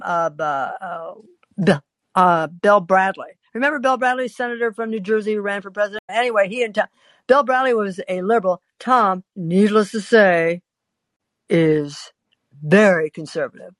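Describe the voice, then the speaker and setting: A woman's voice: medium pitch, dry recording. An older woman spins a personal story in a wry, confiding voice. She stops often on small hesitant fillers. Her voice sits at a medium height, and the recording is close and dry. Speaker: podcast host. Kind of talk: storytelling monologue.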